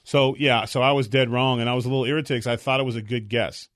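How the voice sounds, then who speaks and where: A man's voice: mid-range voice, fast, no room sound. Dry-sounding man telling a story. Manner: animated storyteller who acts out other people's lines. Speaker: podcast co-host. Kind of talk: casual chat, storytelling.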